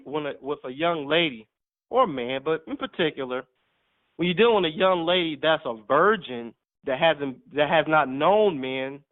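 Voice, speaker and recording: A man delivers a sermon with emphatic, teasing force, breaking into laughs as he drives points home. His voice sits high. The sound is thin and tinny, like a phone line. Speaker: preacher. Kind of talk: sermon teaching.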